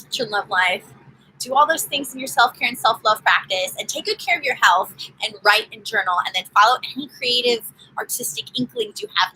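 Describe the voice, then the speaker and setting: A woman's voice: on the high side, pushed and bright, a little hiss or hum, low-quality recording. A woman giving a live-streamed tarot reading, chatting in an upbeat, casual way straight to her viewers. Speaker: tarot reader.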